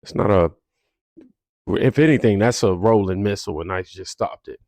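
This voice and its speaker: A man's voice: deep voice, normal speed, a little mellow, dry recording. A man hosting a reaction commentary, with sarcastic remarks between clips. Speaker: commentary host.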